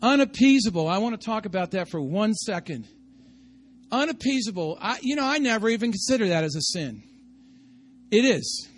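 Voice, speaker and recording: High-voiced man preaching a lively sermon. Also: normal speed. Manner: conversational preaching, rising to shouts; asks the congregation for responses. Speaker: pastor.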